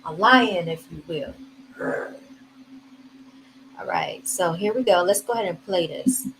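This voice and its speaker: A woman with a lowish voice and vocal fry talks unhurriedly over heavy background noise. Hosting a casual commentary vlog on video clips, she's chatty, laughs often, and speaks straight to her viewers, calling them y'all.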